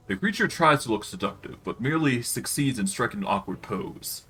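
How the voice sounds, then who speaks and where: A man streaming a video game, reading its narration aloud in a lively way. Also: medium pitch, a little fast, hardly any pauses, husky, soft background music.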